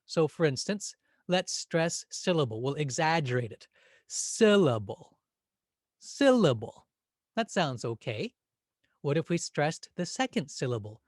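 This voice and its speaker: Lively, patient male grammar teacher. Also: a little high, dry recording, clean studio sound. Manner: gentle, patient, demonstrates words by exaggerating them. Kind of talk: spoken English lesson.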